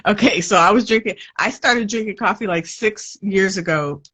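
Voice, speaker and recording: A woman hosting a casual podcast Q&A, chatty and quick to laugh. She reads out audience questions and trails off into asides mid-sentence. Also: mid-range voice, a bit bright, slightly rough. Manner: chatty, laughs often, self-interrupting. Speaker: podcast host.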